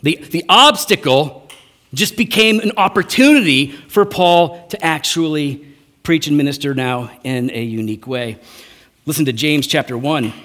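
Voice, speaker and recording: Conversational male preacher, slightly high voice. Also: expressive, normal speed, fairly bright tone. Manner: conversational, frequent "right?" tags. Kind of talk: sermon.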